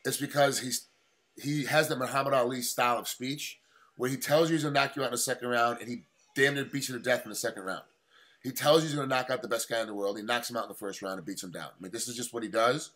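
Fast-talking American man interviewer. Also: mid-range voice, steady tone, a bit bright. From United States. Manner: rambling, talkative questions. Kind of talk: casual interview.

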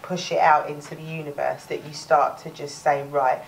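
A woman's voice: sits low, flat delivery, moderate pace, gravelly, recorded from a distance, slight background noise, rough recording. A woman with a Cockney accent teaching a live workshop, chatty, restarting words and laughing often. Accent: London Cockney. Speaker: workshop presenter.

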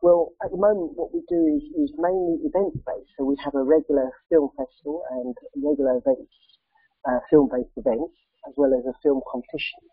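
A man in his thirties or forties with a croaky voice from a cold, giving a hesitant online presentation full of ums and uhs. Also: a little high, very animated, brisk, no room sound. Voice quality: croaky, gravelly. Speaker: charity president giving a talk. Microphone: video call. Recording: tinny dry phone-like call audio.

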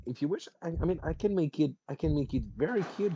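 A man teammate in an online game, calmly explaining tactics and laughing along at jokes. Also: on the high side, fast, muffled recording, slight background noise. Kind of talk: casual gaming chat.

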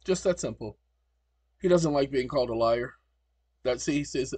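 Combative husky man lecturing. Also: medium pitch, moderate pace, long pauses, darkish tone, no room sound. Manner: combative, lecturing, spells words out letter by letter. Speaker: channel host. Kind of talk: commentary on screen recording.

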